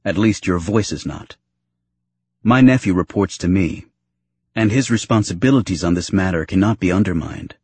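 A man playing a stern, flat-toned security chief. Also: low-pitched, moderate pace, breathy edge, dry recording. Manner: flat, determined, curt.

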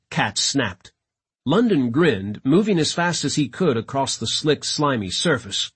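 A man reading a sci-fi audiobook in a dramatic, expressive narration. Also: medium pitch, a little slow, slightly rough. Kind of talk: scripted narration.

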